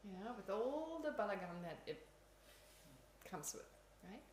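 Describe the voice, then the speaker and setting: A woman's voice: mid-range voice, sing-song, measured pace, darkish tone, slight background noise. A woman teaching Buddhism in an informal dharma talk, chatty, laughing often and poking fun at herself. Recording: echoey room, faint ambience.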